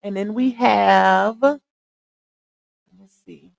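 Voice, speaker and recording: A woman's voice: mid-range voice, very slow, gravelly, no room sound, lo-fi sound. A young woman with a Louisiana Southern accent, chatting casually with her livestream viewers and laughing often. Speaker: livestream host.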